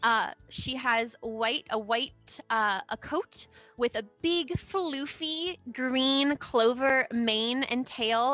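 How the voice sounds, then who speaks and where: A woman's voice: fairly high pitch, bright, forceful tone. A woman narrating a tabletop game as game master, with many fillers and giggles.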